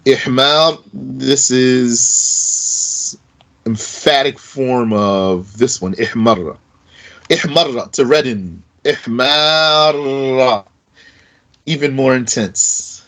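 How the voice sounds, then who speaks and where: Slow-paced man teaching grammar. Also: medium pitch, low-quality recording. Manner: explains slowly, repeating Arabic verb forms aloud; casual fillers such as "like" and "you know". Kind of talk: recorded lesson.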